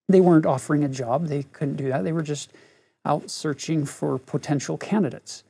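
A man's voice: on the high side, moderate pace, vocal fry, warm tone, breathy edge. A middle-aged man teaching a scripture lesson, telling a personal story in an earnest way and speaking straight to his listeners. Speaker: religion teacher.

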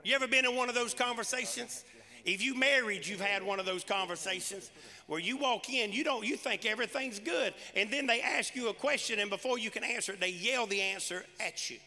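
A man's voice: sits high, fairly quick, sharp tone, in a large hall. A male pastor preaching a sermon in a church, punchy and conversational, with casual everyday grammar. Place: large church sanctuary.

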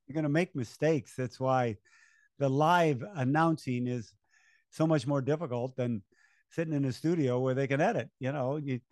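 A man's voice: mid-range voice, normal speed, no room sound, clean studio sound. An older man, a race announcer, telling stories in an interview and acting out the voices of people he quotes. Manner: animated storyteller, acts out quoted voices, chuckles. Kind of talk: conversational storytelling interview.

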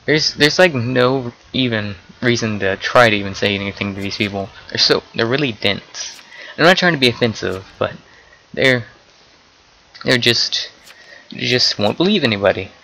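A young man giving casual, excitable commentary while playing an online game, often swearing and exclaiming at what happens. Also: medium pitch, moderate pace, slight background noise, poor audio. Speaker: gameplay commentator.

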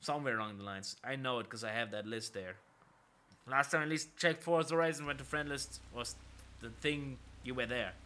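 A man streaming himself playing an arcade racing game, talking casually and excitedly to his viewers and swearing now and then. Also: mid-range voice, fairly quick. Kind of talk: live gameplay commentary. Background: arcade racing game music.

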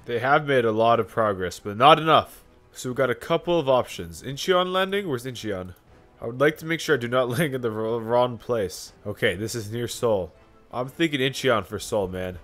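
A young man commentating his own strategy game in a casual, joking way, often breaking into sudden shouts. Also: medium pitch, normal speed. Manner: excitable, jokey, sudden shouts. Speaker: gaming YouTuber. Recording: faint music behind.

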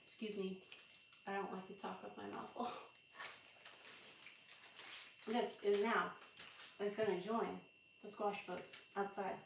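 A woman's voice: medium pitch, little pitch movement, unhurried, gravelly, pauses often. A woman hosting a live cooking stream from her home kitchen, chatting her way through each step and laughing off small slips. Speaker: livestream cooking host. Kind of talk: casual live cooking chat. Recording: echoey room, far from the mic, audible noise.

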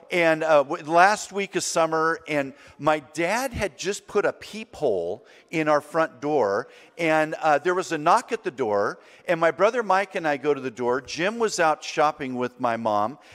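Lively high-voiced male preacher from Southern California. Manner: animated, acts out voices in stories. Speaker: guest speaker. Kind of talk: storytelling sermon. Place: church sanctuary. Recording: long reverb of a large church hall.

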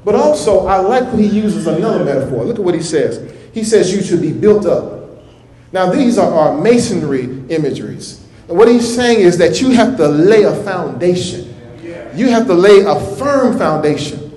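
A man's voice: high voice, sing-song, normal speed, warm tone. A male minister preaching a sermon in church, folksy and repetitive, with a rhythmic delivery. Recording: echoey church room.

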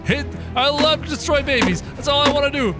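A man voicing a mischievous, snarky male cartoon rabbit while playing a game in character, excitable and prone to loud panicked yelps. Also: very high voice, fairly quick, over loud music. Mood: gleeful.

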